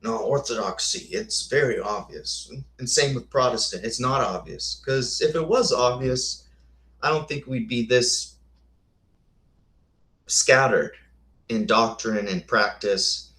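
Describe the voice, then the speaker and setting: A man's voice: mid-range voice, slow pace, pauses often, fairly bright tone. A man hosting a casual lecture with slides, thinking aloud with rhetorical questions and answering viewers' comments. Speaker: host. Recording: echoey room.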